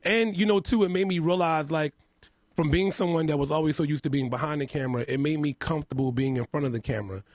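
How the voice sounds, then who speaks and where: A man's voice: a little high, fast talker, no room sound. A man with a lisp, a guest on a casual radio interview, talking candidly, laughing often and repeating himself. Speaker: interview guest, makeup artist. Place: radio studio.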